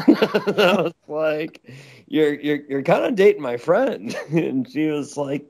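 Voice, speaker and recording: A man's voice: on the high side, lively intonation, unhurried, creaky, a little mellow. A man guest telling a rambling, crude story, stammering and laughing often. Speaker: interview guest. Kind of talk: casual storytelling with crude jokes. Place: Los Angeles.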